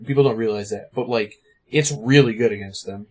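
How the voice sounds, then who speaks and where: A man's voice: fairly low pitch, breathy edge. A man co-hosting a podcast, chatting casually about card game strategy, full of "like" and "you know". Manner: fast, filler-heavy, lots of "like" and "you know". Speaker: podcast co-host.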